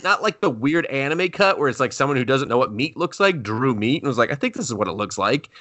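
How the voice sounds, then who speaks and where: A man co-hosting a casual podcast, recapping an anime with lots of swearing. His pitch swings widely as he acts out the characters' lines in exaggerated voices. The recording is close and dry. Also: sing-song, fast talker, hardly any pauses, pushed and bright, no room sound. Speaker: podcast co-host.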